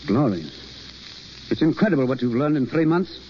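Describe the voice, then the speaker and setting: An actor in a 1930s radio drama playing a polished acting teacher, smooth and theatrical but evasive. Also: male voice, mid-range voice, expressive, moderate pace, close to an everyday voice. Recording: dull old radio broadcast with faint hiss.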